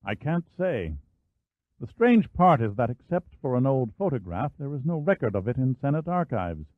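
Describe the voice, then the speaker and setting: A man's voice: mid-range voice, very animated, moderate pace, dry recording, pitched above the performer's own voice, lightly acted. A man voicing a friendly, chatty American Senate historian in an audiobook. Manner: easygoing, chatty. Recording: dry, phone-like narrow band.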